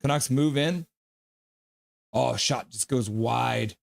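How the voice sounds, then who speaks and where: With a medium-pitched voice marked by vocal fry, a middle-aged man streams live while reacting to a hockey game. He jokingly reads viewer comments aloud and breaks into fast play-by-play. There's no room sound.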